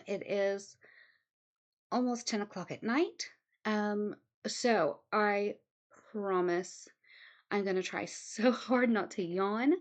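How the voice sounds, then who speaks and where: A woman at home giving casual, rambling commentary, chatty and full of "um"s. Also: medium pitch. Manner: rambling, chatty, many ums. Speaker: commentary host.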